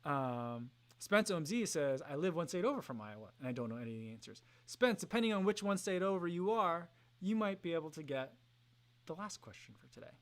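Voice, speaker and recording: A man in his thirties hosting a casual livestream, reading chat messages aloud with frequent ums and soft laughs. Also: on the high side, animated, fairly quick. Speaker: livestream host.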